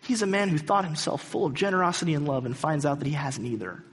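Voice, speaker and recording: A man's voice: on the high side, lively intonation, fast, husky. Earnest man preaching in a reverberant hall. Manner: storytelling, earnest and dramatic. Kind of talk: sermon.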